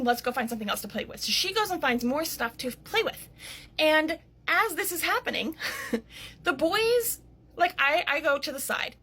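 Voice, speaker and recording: A woman in her thirties, an author, retelling a story in an indignant, animated vlog style, still worked up. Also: high-pitched, husky. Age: 30s.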